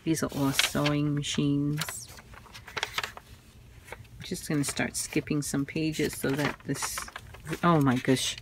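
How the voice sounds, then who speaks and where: Woman vlogger, slow and low-pitched, awed, careful show-and-tell. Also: background noise. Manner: awed, exclaiming, handling fragile items carefully. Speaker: vintage craft vlogger.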